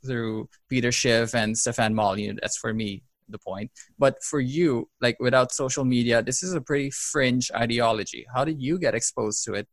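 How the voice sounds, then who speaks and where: A man's voice: medium pitch, no echo, studio quality. A man from Suriname hosting a podcast interview, asking polite, inquisitive questions. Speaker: podcast host.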